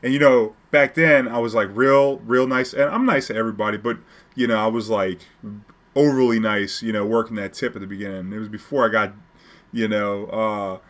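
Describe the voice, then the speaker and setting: A young man, telling a taxi story in a casual, animated way, laughing often and acting out what people said. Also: on the low side, a little fast. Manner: animated, laughing often, acts out quotes loudly.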